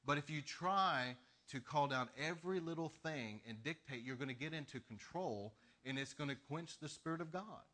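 Man preaching, fairly high voice, bright and forceful, animated storytelling. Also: normal speed, hardly any pauses. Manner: storytelling, animated, laughs between lines. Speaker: pastor. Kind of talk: sermon.

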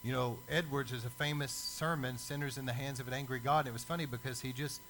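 A man preaching a sermon as a lively storyteller who acts out the people in his stories. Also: medium pitch, fast talker, a little hiss or hum, low-quality recording.

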